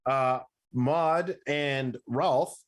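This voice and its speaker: Man, game master, tabletop narration, halting, restarts, middle pitch.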